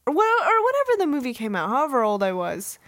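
A woman's voice: high-pitched, wildly swooping pitch, fairly bright tone, no room sound. A woman in her twenties co-hosting a podcast, chatting casually, telling childhood stories and laughing easily. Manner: chatty, storytelling, quick to laugh. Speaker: podcast co-host. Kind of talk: casual chat.

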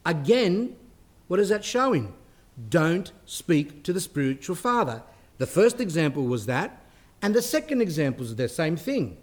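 A man's voice: fairly high pitch, sing-song, moderate pace. A middle-aged man, a priest, giving a spiritual talk in a conversational way, with restarts and asides.

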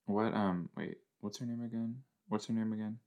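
A man hosting a podcast, reacting to a TV episode in casual watch-along chat, switching between loud outbursts and quiet muttering. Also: on the low side, creaky. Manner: chatty, exclaims loudly then mumbles; talks to himself, quick jumps between soft and loud.

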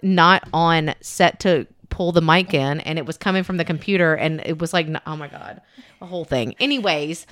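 A woman in her thirties co-hosts a casual podcast chat, rambling and flustered, poking fun at herself and laughing often. Her voice sits on the low side. The mic sound is close and dry. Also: moderate pace, fairly bright tone, dry recording. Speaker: podcast co-host. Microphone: studio podcast mic.

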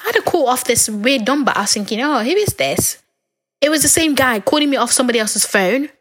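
A young adult woman hosting a podcast alone, talking in a candid, rambling, chatty way, her voice a little hoarse from talking so long. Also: high-pitched, animated, quick pace, a bit bright. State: losing her voice, a bit hoarse. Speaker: podcast host. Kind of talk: casual podcast monologue.

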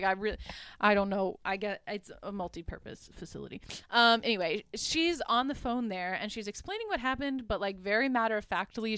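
A young woman talks through a movie's plot like she's telling a friend, with loose filler words and amused asides. Her voice is smooth and clear, and it sounds close and dry with no room around it. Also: mid-range voice, fairly bright tone, dry recording. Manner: chatty, lots of "like", laughs at her own asides. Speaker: podcast host. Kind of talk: casual movie recap.

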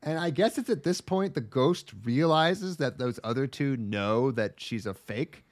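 A man's voice: medium pitch, a little slow. Rambling, crude male podcast co-host. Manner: rambling, crude, hesitant with many ums. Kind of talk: casual chat recapping an anime.

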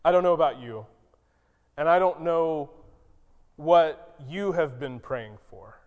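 A man preaching a sermon as pastor, who acts out quoted lines with sudden high, loud outbursts. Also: takes it slowly. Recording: long hall reverb.

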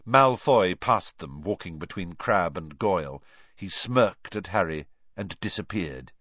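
A man narrating an audiobook in a lively, expressive reading style. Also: deep voice, a little slow, dry recording, highs cut off.

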